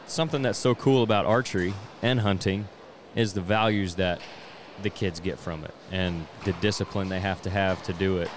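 A man's voice: sits low, noisy background. A male podcast host chatting casually and easygoing, often agreeing along. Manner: easygoing, frequent agreeing backchannels.

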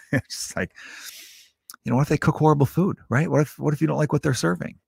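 This thirty-something podcast host tells loose, profane stories in a casual monologue, frequently interrupting himself mid-thought. His voice sits a little high and moves a little fast, gravelly yet a little mellow, with a breathy edge and no echo.

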